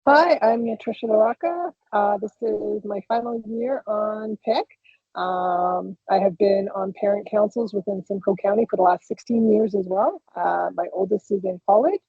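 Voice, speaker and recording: Matter-of-fact female parent, husky, phone-line audio. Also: medium pitch, normal speed, no room sound. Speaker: parent committee member. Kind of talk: virtual meeting introduction.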